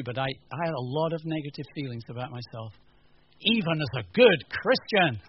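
Man preaching, muffled lo-fi sound. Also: on the high side. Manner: storytelling, animated retelling with quotes. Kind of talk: sermon. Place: church teaching session. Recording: muffled lo-fi recording, faint room noise.

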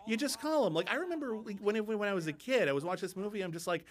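A male film critic talks through a movie on a podcast, his voice slightly higher than most men's. His pitch swings widely as he talks. He lands dry, ironic jokes in a relaxed, chatty way. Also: fast, few pauses. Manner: wry, lively, ironic asides. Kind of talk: casual film discussion.

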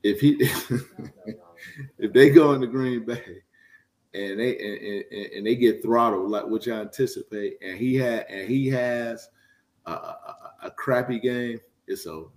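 A man's voice: medium pitch, unhurried. A man co-hosting a casual sports chat, emphatic and full of stammered restarts. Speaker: podcast co-host.

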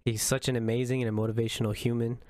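A man's voice: mid-range voice, little pitch movement, very fast, a little mellow, no echo. A man in casual conversation, reading viewer messages aloud in an upbeat, easygoing way. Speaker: interviewer reading chat messages. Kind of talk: casual chat.

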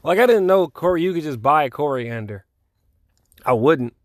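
A man's voice: a little high, animated, moderate pace, no echo, studio quality. A man in his twenties, hosting a podcast alone, rambling casually with lots of swearing and laughter. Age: 20s. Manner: profane, laid-back and rambling, with frequent laughs. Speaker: podcast host. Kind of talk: casual solo chat.

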